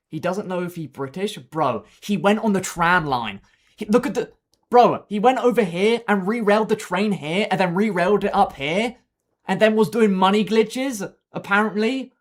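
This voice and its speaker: A man with a fairly high voice streams a game live, rambling and exasperated as he walks his teammates through their routes. He sounds worn out, his talk full of restarts as he explains things again. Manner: rambling, exasperated, giving step-by-step directions. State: tired. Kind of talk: live gameplay commentary.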